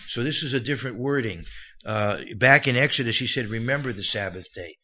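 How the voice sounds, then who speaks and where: Male preacher, casual Bible-study delivery, bright voice, mid pitch. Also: animated, fairly quick, highs cut off. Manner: conversational, many restarts and asides. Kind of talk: Bible teaching sermon.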